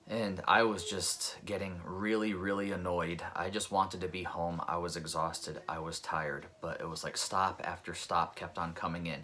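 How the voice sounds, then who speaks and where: Deep-voiced man telling a personal story. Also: pushed and bright. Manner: earnest, reflective, conversational. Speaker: pest control technician.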